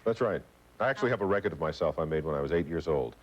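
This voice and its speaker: A man from New Orleans with a smooth standard American accent, telling stories quickly and chattily as a guest on a late-night talk show. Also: extremely low pitch, expressive. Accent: General American, trained out of a New Orleans accent. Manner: fast, chatty storyteller. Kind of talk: casual chat on late-night TV. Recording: dull broadcast audio.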